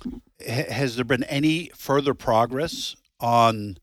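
A man co-hosting a radio talk show, chatting casually with dry humor and halting restarts. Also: medium pitch, dry recording. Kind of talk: casual studio chat. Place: radio studio.

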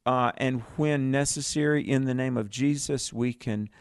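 A man's voice: medium pitch, moderate pace, smooth, no room sound, studio quality. A man with a Southern US accent co-hosting a call-in Bible radio show, folksy and chuckling, often repeating his words. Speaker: radio co-host.

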